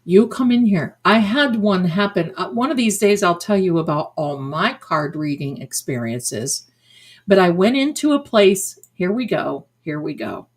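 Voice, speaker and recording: An older woman with a fairly low, expressive voice and a measured pace works as a psychic medium hosting a livestream. Her talk is casual and effusive, peppered with affectionate terms like "my darling."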